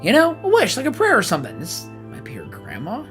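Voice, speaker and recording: A man's voice: huge pitch swings, fast, soft background music, exaggerated voice. A man reading a game aloud and voicing a vulgar, fierce male voice that mocks from inside a girl's mind. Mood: mocking. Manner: mocking, taunting, high and loud.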